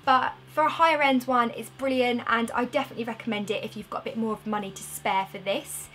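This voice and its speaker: Young woman vlogger, chatty product review, voice sits a touch high. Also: steady tone, fast talker, a bit bright. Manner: chatty, upbeat, recommending. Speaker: beauty vlogger.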